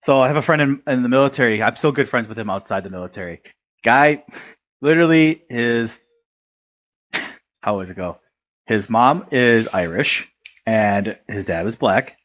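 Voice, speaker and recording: A man's voice: mid-range voice, moderate pace, pauses often, a bit bright. Rambling American man telling stories. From United States. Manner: rambling, profane, retells dialogue with quoted voices. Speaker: podcast guest. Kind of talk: casual storytelling.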